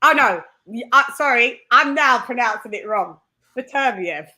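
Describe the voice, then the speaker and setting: Bubbly chatty woman host, bright-pitched. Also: normal speed. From United Kingdom. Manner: bubbly, chatty, laughs often. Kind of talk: casual live-stream chat.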